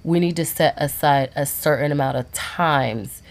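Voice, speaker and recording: Low-voiced expressive woman co-host. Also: unhurried. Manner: expressive, dramatic exclamations. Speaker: podcast co-host. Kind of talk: casual chat.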